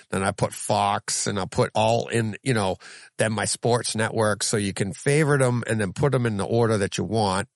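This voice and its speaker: A man hosting a podcast in casual chat, an animated storyteller who gets lively in his anecdotes. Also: on the low side, gravelly, no echo. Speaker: podcast host.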